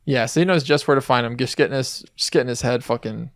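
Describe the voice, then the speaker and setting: A man's voice: medium pitch, quick pace, fairly bright tone, no echo, studio quality. A man co-hosting a podcast, recapping a movie in rambling, crude, casual chat full of fillers and restarts. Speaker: podcast co-host.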